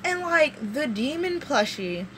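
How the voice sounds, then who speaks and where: A woman vlogger tells a show recap in a rambling, animated way, full of asides. Her voice is high and bright. There is a faint hiss of noise behind her. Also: slow.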